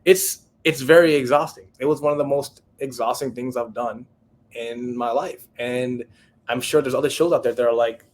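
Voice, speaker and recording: A man's voice: medium pitch, normal speed, a little hiss or hum. A man in his thirties, a chef guest on a podcast, telling a story casually and acting out the people he quotes. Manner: animated storyteller, acts out quoted voices.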